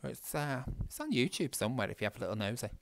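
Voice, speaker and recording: A man's voice: mid-range voice, big pitch swings, quick pace, creaky, no room sound. A man with a Northern English accent, chatting casually and swearing freely as he tells a story while playing a game. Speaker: gaming vlogger.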